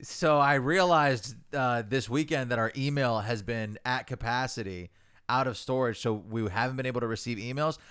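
A man's voice: mid-range voice, moderate pace, fairly bright tone, clear, resonant tone, no room sound. Laid-back, dry-miked podcast guest man. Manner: laid-back, laughing, playful. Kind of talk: casual comedy podcast chat.

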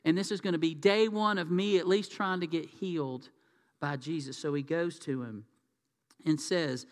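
A man's voice: a little high, normal speed. A man preaching a sermon in a conversational, folksy way. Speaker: pastor. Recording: reverberant hall.

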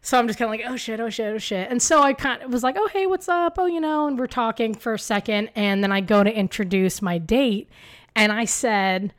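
A woman co-hosting a podcast tells a story in casual conversation, animated, swearing freely and using plenty of fillers. Her voice is fairly high-pitched and brisk.

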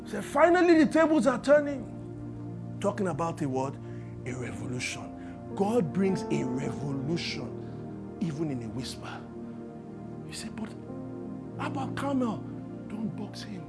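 A man preaches with a high voice for a man, dropping to a near hush and then building to loud declarations. He keeps throwing questions to the congregation for them to finish his lines. Music plays clearly behind him. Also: big pitch swings, a little slow, pauses often. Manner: call-and-response questions, swings from hushed to loud. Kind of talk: sermon.

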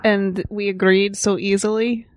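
A woman's voice: medium pitch, flat delivery, measured pace, darkish tone, a little hiss or hum, close to an everyday voice. A woman playing a bored, sarcastic female cosmonaut with a mock Russian accent in an improvised comedy bit. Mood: playful.

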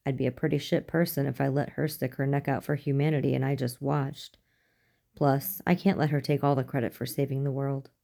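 A woman's voice: rumbling low, little pitch movement, fairly quick, creaky, mellow. A woman reading the lines of a reluctant, wry teenage boy.

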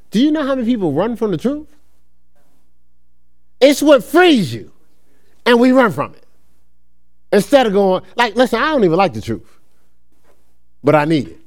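A man preaching a sermon as pastor, conversational and animated, acting out little dialogues and laughing often. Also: a little high.

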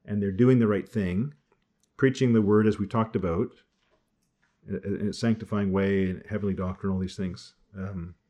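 A man's voice: fairly low pitch, steady tone, normal speed, mellow. A man teaching a class on church doctrine in a conversational way, thinking aloud and often restarting his sentences.

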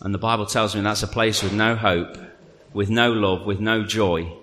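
A man preaching a sermon to a congregation, telling the story with animated energy and then dropping to a quiet, earnest appeal. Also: fairly low pitch, normal speed. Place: church hall. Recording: long reverb of a large hall.

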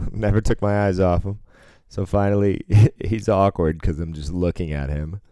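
A man's voice: low voice, fairly even intonation, moderate pace, mellow, no echo. A man chatting casually, telling a story about his work and acting out what people said, laughing often. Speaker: casino floor supervisor. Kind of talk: casual chat.

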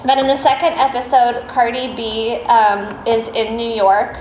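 A woman's voice: fairly high pitch, level tone, measured pace, a little mellow, slight background noise. A woman telling a story to a group, chatty and casual, with lots of fillers and laughs. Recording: echoey room, slightly dull sound.

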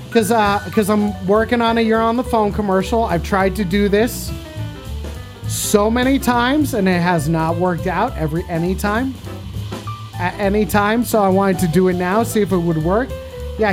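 A man livestreaming, bantering crudely and teasingly with his chat in a casual way. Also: high voice.

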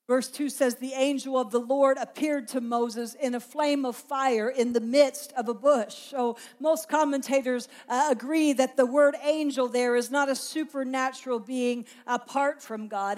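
High-voiced woman preaching with passion. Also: darkish tone. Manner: impassioned, emphatic repetition. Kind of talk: sermon.

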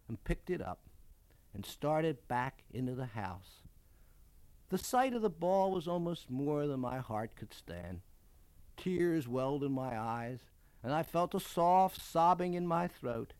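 A man from Baltimore, a children's book author, reading his childhood memoir aloud with expressive, dramatic storytelling. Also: a little high, slow pace, clean tone, no echo.

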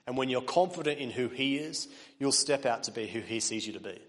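A pastor gives an animated, fairly quick sermon in a church hall, where his mid-pitched voice rings with a long reverberation. Earnest throughout, he surges to emphatic peaks and drops back quiet.

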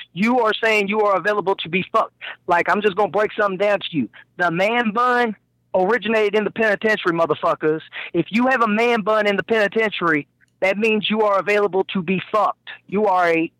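High-voiced blunt man, dry sound. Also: a little fast, a bit bright, no echo, low-quality recording. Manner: blunt, emphatic, lecturing. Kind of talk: casual chat.

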